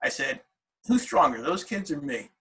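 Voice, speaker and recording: A man's voice: high-pitched, very animated, moderate pace, creaky, a bit bright, slightly rough, low-quality recording. A middle-aged man, a wrestler's father, telling stories in a casual interview, with many fillers and restarts.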